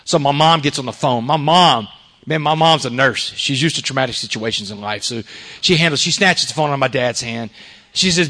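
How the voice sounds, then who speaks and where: A middle-aged man giving an earnest recovery testimony to a live audience, swinging from loud emphasis to hushed confession. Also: mid-range voice, a little fast. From Texas. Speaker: recovery speaker.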